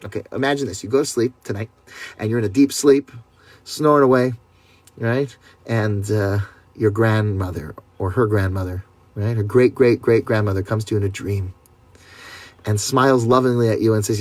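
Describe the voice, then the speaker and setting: A man's voice: medium pitch, lively intonation, normal speed, dry recording. A man, a rabbi, teaching a class over a video call in a conversational way, often asking listeners rhetorical questions. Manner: talks straight to listeners, with rhetorical questions and many "right?".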